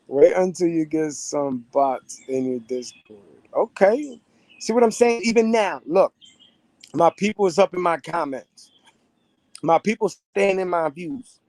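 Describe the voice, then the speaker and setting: A young man with a high voice chats straight to his viewers in a loose, streetwise, profane way, circling back to the same phrases. The sound is dry, with no room around it. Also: a little mellow, no room sound. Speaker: vlogger. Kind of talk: casual monologue to viewers.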